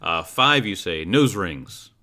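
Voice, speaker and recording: With a low-sitting, animated voice and a sharp tone, a man speaks slowly as he leads character creation in a tabletop role-playing game. As game master he uses plenty of fillers and restarts.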